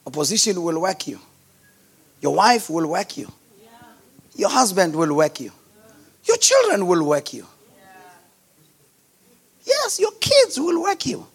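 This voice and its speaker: A man with a strikingly high, raspy voice delivers a sermon in a rising and falling, almost sung cadence. He swings from shouting to near-whispers, with a gravelly edge under his words and faint music playing behind him. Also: sing-song, slow, pauses often. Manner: impassioned sing-song preaching, swinging from shouts to hushed tones. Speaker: preacher.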